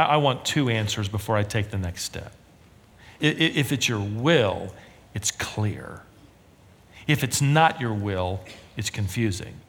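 A male pastor preaching a sermon, emphatic, swinging from loud stresses to hushed asides, in a hall with long reverb. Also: fairly low pitch. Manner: animated preaching, emphatic rises and drops to near-whisper.

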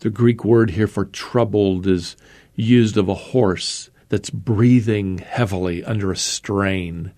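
A man teaching a sermon, earnestly reading scripture aloud with slow, emphatic pauses and calling his listeners beloved. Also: lowish voice, a little mellow. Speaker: Bible teacher. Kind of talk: expository sermon.

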